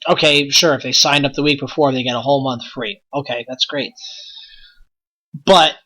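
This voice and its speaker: A man's voice: medium pitch, steady tone, moderate pace, sharp tone. A man hosting a wrestling podcast, ranting in an exasperated, blunt way with lots of rhetorical questions. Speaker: podcast host.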